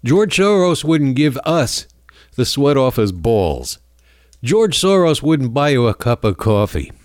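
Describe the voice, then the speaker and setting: A man's voice: mid-range voice, sing-song, slow, a little mellow, no room sound, studio quality. A man hosting a political talk radio show, rambling and sarcastic, stumbling over restarts and chuckling between points.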